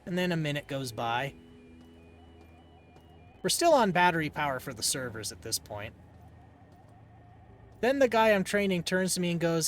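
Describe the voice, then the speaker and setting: A man streaming a game and telling a rambling story in a casual, dry, deadpan way. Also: fairly high pitch, normal speed, long pauses, slight background noise. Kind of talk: casual storytelling while gaming.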